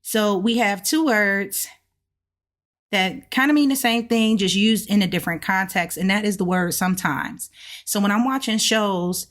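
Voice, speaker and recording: A woman's voice: mid-range voice, normal speed. A woman hosting a casual video lesson, explaining step by step and drawing out sounds to demonstrate them. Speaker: host of a language-learning channel.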